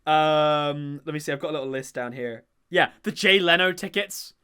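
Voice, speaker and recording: A man's voice: on the high side, moderate pace, bright, forceful tone, smooth. A man, hosting a casual, enthusiastic chat about a TV comedy and rambling with lots of fillers. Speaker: podcast host.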